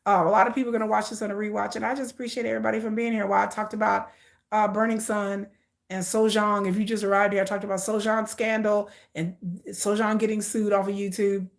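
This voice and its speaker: Her voice is medium in pitch, creaky and flat, and she talks fast while hosting a casual live stream. She's emphatic and repetitive, calling her audience "y'all."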